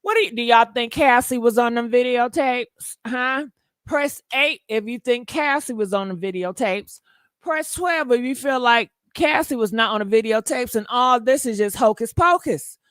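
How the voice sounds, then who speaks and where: A woman's voice: fairly high pitch, normal speed, fairly bright tone, no echo. A woman hosting a gossip channel, chatting dramatically straight to her viewers with lots of exclamations. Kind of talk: casual gossip commentary.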